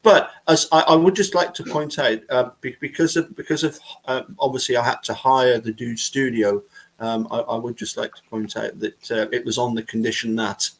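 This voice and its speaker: A man hosting a live video chat, halting and hesitant with frequent restarts. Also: medium pitch, steady tone, rough recording. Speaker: host.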